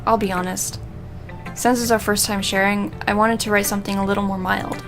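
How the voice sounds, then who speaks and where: A woman voicing a shy, polite, bookish teenage girl, speaking softly and hesitantly while reading game dialogue aloud. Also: medium pitch, flat delivery, a little fast, music in the background, natural voice. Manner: soft, hesitant, apologetic.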